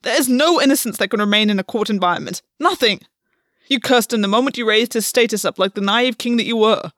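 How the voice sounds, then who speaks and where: A woman's voice: a little high, fast, a bit bright, no echo, studio quality, lightly acted. A woman voicing a desperate, bitter male fae king in an audiobook reading, pleading and accusing in a raw tone.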